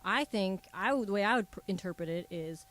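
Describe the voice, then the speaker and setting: Female radio show regular, thoughtful and probing, mid pitch. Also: fairly quick, a bit bright. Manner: thoughtful, questioning. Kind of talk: casual radio banter.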